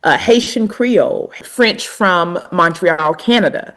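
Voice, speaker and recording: A woman with a strong Southern US drawl explains her ideas in an earnest, emphatic way. Her voice sits on the lower side and comes across as reflective as she builds her points. She has the unhurried delivery of an experienced educator. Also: a bit bright. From Southern United States, North Carolina. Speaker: guest, language educator. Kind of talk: conversational interview.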